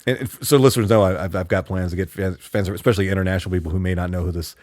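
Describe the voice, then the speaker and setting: Fast-talking low-voiced podcast host. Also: male voice, fairly even intonation, a little mellow, dry recording, studio quality. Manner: quick, halting, many restarts. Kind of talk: casual interview chat.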